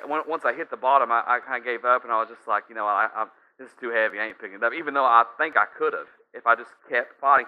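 Chatty male preacher telling stories, lo-fi. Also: medium pitch. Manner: conversational storytelling with asides to the audience. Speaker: pastor. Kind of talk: sermon. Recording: slightly dull lo-fi sound.

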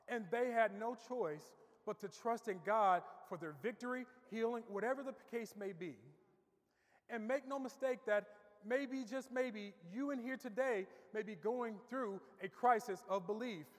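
Male pastor, high voice, preaching in a church with long echo, repeats himself as he builds. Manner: preaching with rising emphasis, repeats words as he builds. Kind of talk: sermon. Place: church sanctuary. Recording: long reverb of a church hall.

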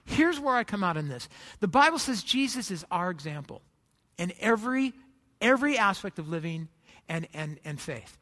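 A pastor delivers a sermon as easygoing storytelling, stumbling over restarts and tossing rhetorical questions to the room. The voice is bright and ringing, carried by a long reverb that fills a church hall. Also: mid-range voice, sing-song, normal speed.

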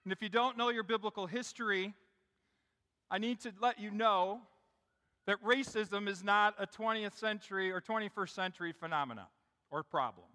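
A middle-aged man delivers a sermon from the front of a church. His voice sits high and sounds bright. He tells the story in a conversational way and often speaks straight to his congregation, and the long reverb of the big room hangs on his words. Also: moderate pace. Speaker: pastor. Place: church sanctuary.

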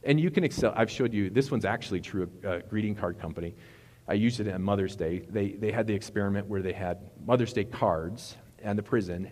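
A man preaching a sermon in a relaxed, conversational way, retelling movie scenes and correcting himself as he goes. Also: on the low side. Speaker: pastor. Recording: long reverb of a hall.

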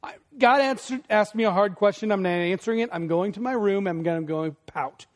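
A man's voice: sits high, quick pace, in a large hall, close to an everyday voice. A man putting on the voice of a sulking, self-pitying prophet in a sermon, with overdone theatrical pleading. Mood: pouting.

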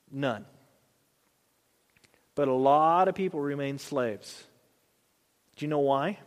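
A man preaching a sermon as pastor, reading scripture slowly and then building with rising emphasis. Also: a little high, big-room sound.

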